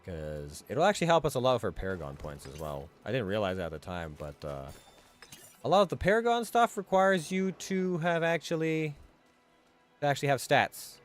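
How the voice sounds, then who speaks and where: A man's voice: mid-range voice, very animated, moderate pace, faint music behind. A man streaming a hardcore game run, rambling casually with fillers and restarts as he thinks aloud. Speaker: gaming streamer. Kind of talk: casual gameplay commentary.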